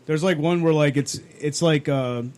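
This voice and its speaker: A man's voice: fairly high pitch, normal speed, a little mellow, clean tone. A man in a casual chat, explaining things loosely with lots of "like" fillers.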